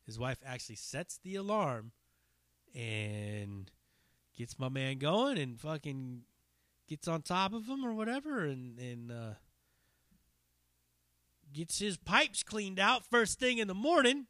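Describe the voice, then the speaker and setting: A man rambling through a story on his solo podcast, loose and profane, circling back and restarting his sentences as he goes. His voice is bright and forward, and the sound is dry and close with no room around it. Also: medium pitch, big pitch swings, slow pace, pauses often, no echo. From Northern California. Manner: loose, profane, digressive, with many fillers and restarts. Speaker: podcast host and stand-up comic.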